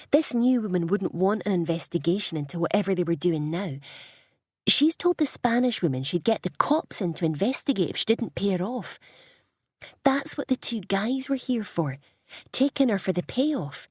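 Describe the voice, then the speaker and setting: A woman voicing an indignant, dramatic teenage girl, pitched above her narrating voice. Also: very animated, normal speed, darkish tone, slightly rough, dry recording, studio quality. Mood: gossipy.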